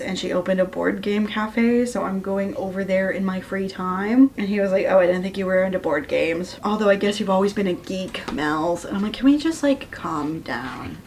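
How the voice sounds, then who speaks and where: A young woman giving a casual ranting book review, sarcastic and profane, exasperated, quickly mimicking characters in asides. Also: fairly low pitch, slight background noise.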